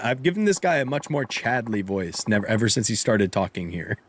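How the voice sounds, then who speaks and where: A man's voice: on the low side, a little fast. A man streaming a game live, joking and commenting casually. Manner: joking, laughing, animated.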